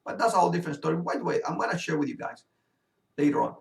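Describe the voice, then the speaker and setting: While playing a game, a gamer and video host casually rambles through a personal story with many fillers. His slightly high voice races along, gravelly with lively intonation, and the distant mic gives a roomy sound.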